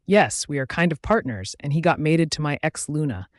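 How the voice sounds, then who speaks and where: A man voicing a calm, blunt young male alpha werewolf who speaks matter-of-factly. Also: on the high side, normal speed, no room sound, studio quality, close to an everyday voice.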